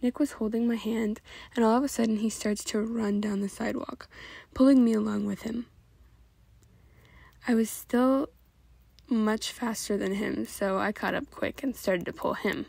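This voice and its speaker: Gravelly-voiced woman reading fan fiction. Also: a little high, steady tone, moderate pace, darkish tone, no echo. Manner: plain, unpolished reading with slips. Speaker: reader.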